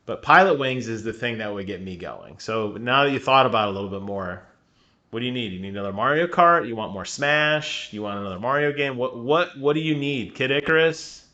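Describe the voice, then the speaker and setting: A man co-hosts a video game podcast from a remote call, chatting casually. His voice sounds bright and forward. He gets animated, laughs easily and keeps firing questions at his partner. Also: mid-range voice, fairly quick, dull audio. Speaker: podcast co-host. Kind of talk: casual chat. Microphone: remote call mic.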